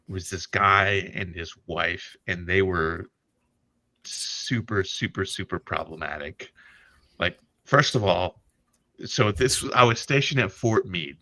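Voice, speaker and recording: Profane forties guy cracking up at his own stories, bright voice, dead dry mic. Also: deep voice, unhurried, pauses often, no echo. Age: 40s. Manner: profane, laughing, vivid storyteller. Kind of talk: casual storytelling chat.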